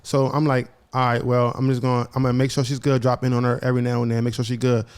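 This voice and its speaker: A young man tells his own story in loose, casual podcast talk, rattling along at a quick clip. He acts out both sides of each conversation as he goes. He often repeats and restarts phrases mid-sentence. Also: mid-range voice, completely flat delivery, darkish tone, smooth. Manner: retells events by acting out both sides of conversations. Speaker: podcast co-host.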